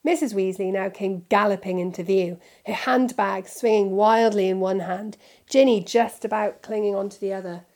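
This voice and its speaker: A woman reading a children's novel aloud in steady, clear narration. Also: mid-range voice, moderate pace. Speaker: storybook reader.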